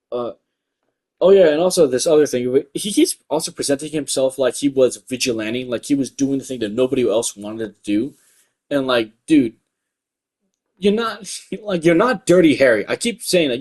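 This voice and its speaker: A man's voice: medium pitch, darkish tone. Young male commentator, light voice, swears constantly, rambling rant delivery. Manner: profane, rambling, full of filler words. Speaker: YouTube commentator. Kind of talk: ranting commentary.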